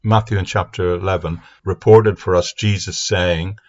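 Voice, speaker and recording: A man giving an earnest, steady Bible teaching talk into a microphone for an online audience. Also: low voice, moderate pace. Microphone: speaking into a mic. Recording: dull lo-fi sound.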